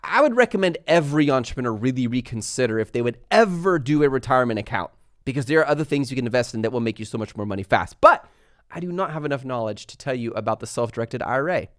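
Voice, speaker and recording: A young man hosting a live stream, chatting fast and laughing as he answers viewer questions. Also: medium pitch, lively intonation, no echo, studio quality. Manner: fast-talking. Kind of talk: live Q&A chat.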